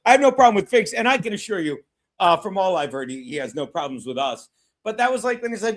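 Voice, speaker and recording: A man hosting a comedy podcast in loose, joking banter. His voice sits high, and he swears freely and stumbles through restarts. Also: sing-song, fast. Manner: loud, joking, profane, stammering restarts.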